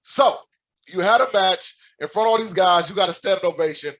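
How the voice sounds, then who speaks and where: A man hosting a podcast, prompting his guest in a relaxed, conversational way. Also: sits high, fairly quick, slight background noise. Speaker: podcast host. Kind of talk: casual interview.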